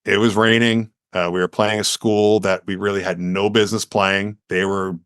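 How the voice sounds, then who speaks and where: Low-voiced New man telling a story. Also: moderate pace, clean tone, dry recording, studio quality. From United States. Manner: earnest, animated storyteller who acts out quotes. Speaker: podcast guest. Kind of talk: storytelling in a podcast interview.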